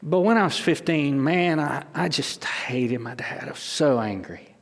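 A man's voice: on the high side, expressive, unhurried, creaky, in a large hall. A middle-aged man, a pastor, delivering a sermon emphatically, with rhetorical questions and restarts.

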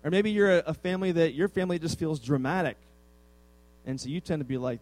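A man's voice: fairly high pitch, quick pace, a little mellow, poor audio. A male pastor preaching a conversational sermon with self-deprecating humor.

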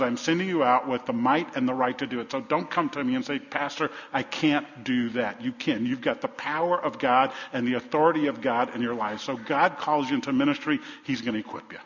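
Male pastor, sermon, emphatic repetition, loud-to-hushed swings, long hall reverb, dull lo-fi sound. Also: mid-range voice. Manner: repeats phrases for emphasis.

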